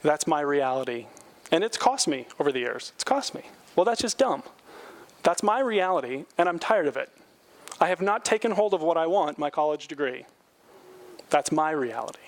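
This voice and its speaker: A man's voice: on the high side, lively intonation, normal speed. A man preaching a sermon as a pastor, emphatic, repeating key phrases and asking the congregation rhetorical questions.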